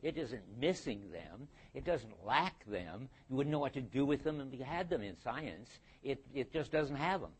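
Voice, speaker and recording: A man's voice: mid-range voice, sing-song, normal speed, few pauses, breathy edge. An older man giving a university philosophy lecture, thinking aloud with frequent restarts and fillers.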